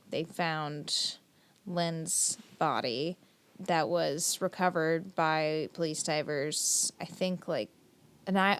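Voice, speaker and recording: A woman's voice: lowish voice, clean tone. A young woman co-hosting a podcast, retelling a story in casual chat with lots of fillers and swearing. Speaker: podcast co-host.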